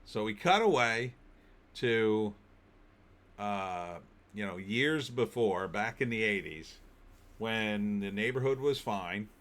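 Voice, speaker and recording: A man's voice: on the low side, expressive, takes it slowly, a bit bright. A man giving a casual spoken film review, recapping the plot with wry disbelief.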